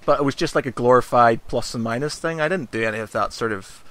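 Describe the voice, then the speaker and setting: A man interviewing in casual chat, jokey, now and then jumping into squeaky high voices to act out scenes. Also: fast, a crowd in the background.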